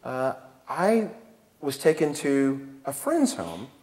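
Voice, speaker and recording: A commanding general in his fifties from El Paso, Texas, gives a keynote speech on a theatre stage before an audience, telling self-deprecating personal stories and chuckling often. His mid-range voice is dark in tone and very animated, and he takes it slowly. Long theatre reverb colours the recording.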